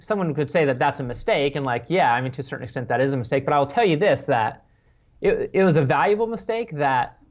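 A man's voice: a little high, animated, fast talker. A man co-hosting a podcast, talking earnestly and often restarting his sentences. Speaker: podcast co-host. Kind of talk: casual chat. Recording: dull lo-fi audio.

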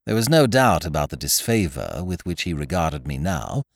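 Guy reading a story out loud, super animated delivery, low voice, dry close mic sound. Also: normal speed, vocal fry, no room sound. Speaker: podcast narrator. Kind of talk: scripted story narration.

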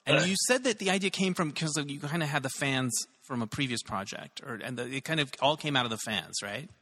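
A man hosting a conversational interview over a video call, chatty and quick to react to his guest. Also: mid-range voice, pushed and bright. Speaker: podcast host.

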